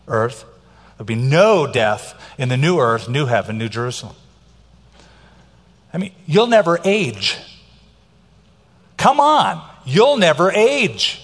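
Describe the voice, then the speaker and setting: Middle-aged pastor guy preaching, kinda high voice, long echo from the hall. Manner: emphatic preaching, varies pace for effect. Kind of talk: sermon.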